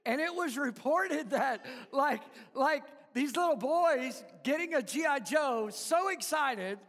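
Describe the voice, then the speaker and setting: A man preaching a sermon, telling a story with chuckles and halting restarts. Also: very high-pitched, vocal fry, fairly bright tone, long reverb tail. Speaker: pastor.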